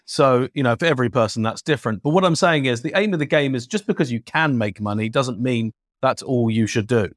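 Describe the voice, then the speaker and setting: Man, chatty guest, energetic, pitch leaps up, dry close mic. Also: a little fast, few pauses, dry recording. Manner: energetic, talkative, jumps up in pitch. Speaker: guest, travel points expert. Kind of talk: lively interview talk.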